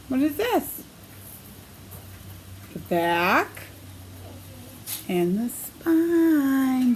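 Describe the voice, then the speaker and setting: A woman who teaches preschool reads a picture book aloud to little kids in a sing-song storybook style, stopping now and then to ask them questions. Her voice is high, with a bit of background noise.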